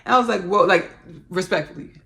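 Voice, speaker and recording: Woman, spiritual channeling host, gravelly and bright, effusive and repetitive. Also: on the low side, steady tone, normal speed. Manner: repetitive, effusive, soft murmured thanks.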